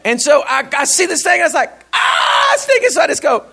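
A male pastor, telling a personal story in a sermon, laughing and animated. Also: very high voice, fast talker, gravelly.

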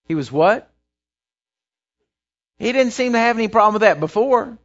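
A high-voiced man preaches, his pitch leaping up and down as he tells a story and drives it home. He builds to punchy, repeated phrases. The sound is dull and lo-fi. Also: lively intonation, moderate pace, long pauses. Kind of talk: sermon.

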